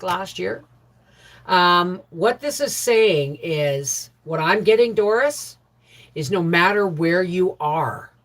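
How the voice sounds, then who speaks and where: Slow, lively-voiced woman chatting live. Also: low voice. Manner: chatty, warm greetings to viewers, laughs often. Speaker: homestead livestream host. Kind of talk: casual live chat reading viewer comments.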